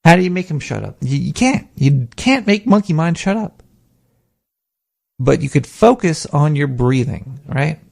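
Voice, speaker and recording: Speaking at a measured pace with a highish voice and vocal fry, a male podcast host talks loosely and profanely about meditation and self-hypnosis on a studio microphone. He stays animated, meandering and acting out his inner voice.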